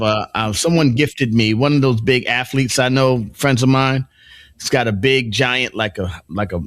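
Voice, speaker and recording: A man's voice: mid-range voice, no echo. Rambling, joking male morning show host. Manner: rambling, with many restarts and asides; playful, joking. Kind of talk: casual morning show banter.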